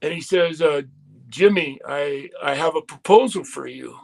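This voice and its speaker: A man's voice: fairly high pitch, normal speed, creaky, a little mellow. A man telling a long, profane story in casual podcast chat, quoting people as he goes.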